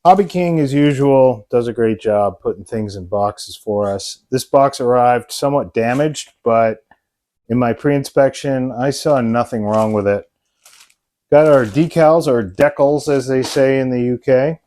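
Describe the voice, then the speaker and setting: A man's voice: mid-range voice, unhurried, warm tone. A man hosting a hobby vlog, narrating an unboxing in a casual, enthusiastic way with frequent ums and uhs. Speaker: RC model hobbyist and channel host.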